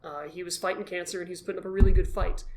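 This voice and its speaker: A man as the guest, telling his story in an animated, self-deprecating way and acting out his own past thoughts. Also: sits high, very fast, background noise. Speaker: guest, costumed charity volunteer. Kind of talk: casual storytelling in a conversation.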